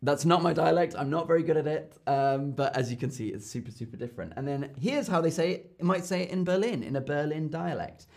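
A man's voice: a little high, a little fast, vocal fry, few pauses, darkish tone. A young man hosting a casual live-stream lesson, chatty, with many fillers and repeated key phrases. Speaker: German tutor hosting a live Q&A.

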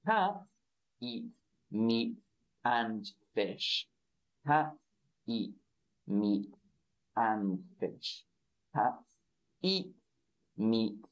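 A man teaching a simple English lesson on a live stream, repeating words slowly and greeting viewers in the chat by name. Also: lowish voice, rough recording.

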